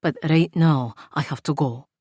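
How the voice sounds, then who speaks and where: A woman voicing a protective man who stays calm and firm with his lover, in a lowered, hushed put-on voice for an audiobook. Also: measured pace, husky, no echo, clean studio sound. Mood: urgent.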